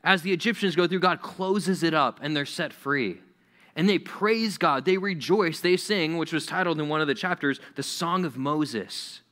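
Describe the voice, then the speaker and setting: Animated bright-voiced young male preacher. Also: a little high, normal speed. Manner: animated, acts out quoted voices. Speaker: youth pastor. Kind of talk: sermon.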